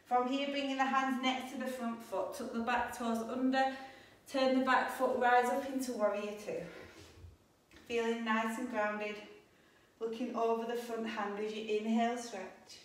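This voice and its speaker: A young adult woman teaching a yoga class, calmly cueing breaths and poses, a little out of breath. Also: on the high side, a little slow. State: slightly out of breath. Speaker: yoga instructor. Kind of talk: guided yoga class instruction. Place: yoga studio. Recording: echoey room, voice a bit distant.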